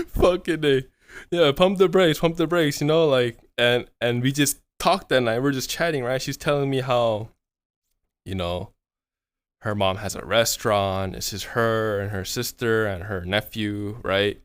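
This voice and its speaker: A man's voice: mid-range voice, unhurried, clean tone, no room sound. Casual swearing man telling a story. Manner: rambling, swearing, frequent "right?" fillers. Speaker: streamer.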